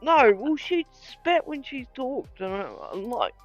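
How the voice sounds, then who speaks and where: A woman chats casually on a live stream, giggling often and swearing freely. Her voice sits fairly high. The sound is dull and lo-fi, with faint music playing underneath. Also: expressive, a little slow. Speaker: stream host. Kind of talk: casual chat.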